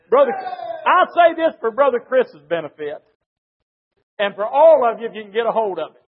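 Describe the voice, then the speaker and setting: A man preaching a sermon, telling a story emphatically and swinging from shouts to hushed tones. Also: extremely high pitch, very animated, measured pace, pauses often. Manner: storytelling with repeated "said". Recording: dull lo-fi recording.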